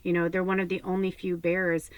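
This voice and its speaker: Woman medium host; rambling, candid, profane chat with laughs; lowish voice, dry close sound. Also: completely flat delivery, a little fast, clean tone, no room sound, rough recording. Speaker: spiritual medium, channel host. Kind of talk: casual talk to viewers.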